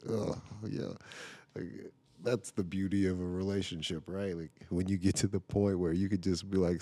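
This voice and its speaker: A man's voice: sits low, normal speed, warm tone, husky, dry recording. A father podcasting from home, telling a story in a casual, rambling way, full of "like" and "right?" asides.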